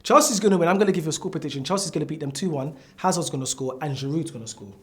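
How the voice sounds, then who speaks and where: A man's voice: fairly high pitch, animated, racing. A man co-hosting a casual football chat, making confident, emphatic predictions. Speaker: podcast co-host. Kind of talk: casual banter among friends.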